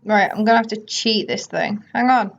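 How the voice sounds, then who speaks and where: A gaming video host chats casually over a life-sim game, slipping into quick character voices now and then. Her voice is medium-pitched and gravelly, with soft music in the background, and the lo-fi audio sounds slightly dull.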